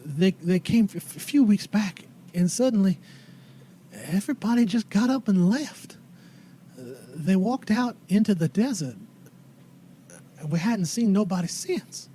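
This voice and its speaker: A man doing an elderly tavern keeper, a plaintive woman who speaks in folksy, ungrammatical country talk. The voice sits high and wanders widely in pitch. It has a soft, mellow tone. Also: expressive, unhurried, a little hiss or hum. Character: worried old woman tavern keeper, rustic.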